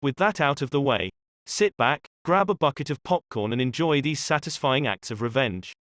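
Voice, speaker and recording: A man in mid pitch narrates written stories as the channel host, with an even, read-aloud delivery. The sound is dry and close, with no room around it, and there is nothing else heard behind him. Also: moderate pace, dry recording. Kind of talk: scripted narration.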